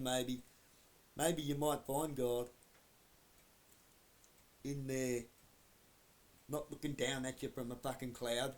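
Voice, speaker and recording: A man's voice: mid-range voice, level tone, slow, pauses often. Swearing man ranting. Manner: blunt, swearing heavily, flaring into shouting. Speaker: vlogger. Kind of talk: profane direct-to-camera rant.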